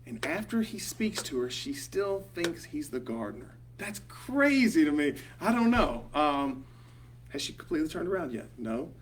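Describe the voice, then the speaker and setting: A Southern-accented man leads a small group Bible study in a meeting room, rambling casually and filling his talk with ums and "you know." His voice is a little high with big pitch swings at a normal pace, picked up by a distant mic with a faint hum.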